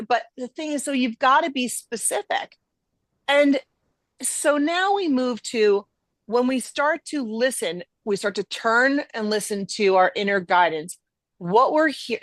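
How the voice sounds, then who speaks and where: A woman's voice: a little high, dry recording. A middle-aged woman hosting a podcast, talking emphatically in a conversational teaching style and acting out quoted voices. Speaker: podcast host.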